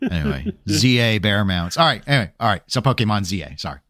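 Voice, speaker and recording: A man's voice: on the low side, fast talker, no room sound, clean studio sound. A man co-hosting a casual gaming podcast, spinning a long tangent and acting out exasperated quotes. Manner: animated storyteller, acts out exasperated quotes. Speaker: podcast co-host.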